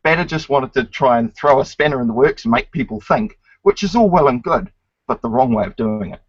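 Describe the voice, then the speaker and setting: A man's voice: medium pitch, animated, brisk, no room sound. A man hosting a casual online chat, lecturing emphatically and swearing often. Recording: dry, dull lo-fi sound.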